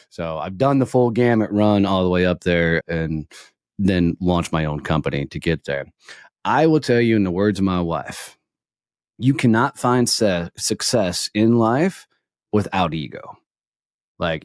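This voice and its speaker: A man's voice: deep voice, darkish tone, dry recording, clean studio sound. A middle-aged man speaking bluntly and casually as an interview guest, telling a story with the odd swear word.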